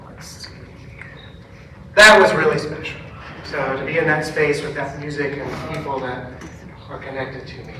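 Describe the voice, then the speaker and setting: A man, a pastor, telling stories in a casual talk to a church forum, acting out the dialogue with lively quoted voices. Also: a little high, a little hiss or hum. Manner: chatty storytelling, animated quoted dialogue. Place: church meeting room. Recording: echoey room, mic at a distance.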